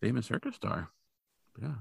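A man's voice: mid-range voice, huge pitch swings, normal speed, gravelly, slightly rough, no room sound. A man co-hosting a podcast, recapping a cartoon episode in a laid-back, wry way with frequent chuckles. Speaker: podcast co-host. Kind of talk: casual chat recapping a cartoon.

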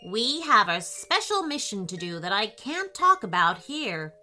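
A woman voicing a kind male alien spaceship captain in a children's story, speaking slowly and reassuringly. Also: medium pitch, very animated, bright, forceful tone, faint music behind, full character voice.

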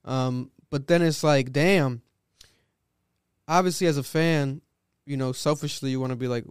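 A young man co-hosting a casual music chat, animated and acting out quotes in high voices. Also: unhurried, long pauses, clean tone, no echo, studio quality. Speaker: podcast co-host.

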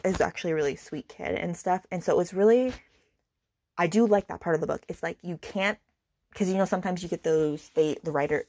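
A woman with a deep, slightly mellow voice hosts a book podcast, retelling a plot in a heated, exasperated, casual rant full of swearing. She leans heavily on fillers like "like" and "okay," and there's slight background noise.

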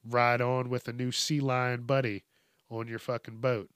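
A man's voice: medium pitch, little pitch movement, a little slow, a bit bright, smooth, dry recording, studio quality. A man hosting a news commentary vlog, ranting and swearing as he mocks people. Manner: profane, ranting, mocking. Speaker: host.

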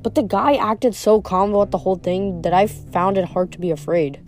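Woman reading a chapter book out loud, mellow, steady narration. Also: mid-range voice, a little fast, faint music behind. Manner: steady first-person narration. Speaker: audiobook reader. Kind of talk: storybook reading.

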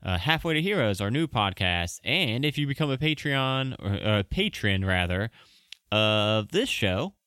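A man's voice: on the low side, big pitch swings, measured pace, sharp tone, clean tone, no echo, studio quality. A man hosting a podcast, rambling through announcements and apologizing as he goes. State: out of breath. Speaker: podcast host. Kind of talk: casual podcast outro.

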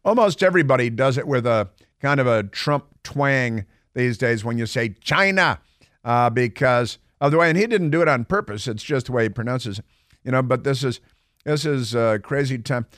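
Male radio host, mid-pitched, sardonic and mocking, close dry studio sound. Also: moderate pace, fairly bright tone, no echo. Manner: sarcastic, mocking asides. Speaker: radio talk show host. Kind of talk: talk radio monologue. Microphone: studio microphone.

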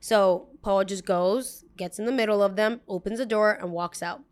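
A woman's voice: mid-range voice, normal speed. A young woman hosting a podcast, telling a story in a casual, chatty way, full of "like" and acted-out voices of the people involved. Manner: chatty, peppered with "like", acts out quoted voices. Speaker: podcast host.

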